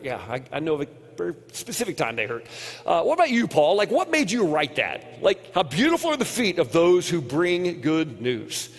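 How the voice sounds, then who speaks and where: Man preaching in an echoing hall. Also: on the high side. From United States. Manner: earnest storytelling, drops quiet on painful moments. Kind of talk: conference sermon with personal story. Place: large hall. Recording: long hall reverb.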